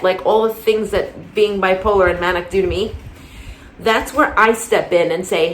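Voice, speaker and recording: A woman's voice: medium pitch, normal speed, reverberant, slight background noise. A woman talking through a casual commentary monologue, rambling with many restarts and getting heated. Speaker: commentary vlogger.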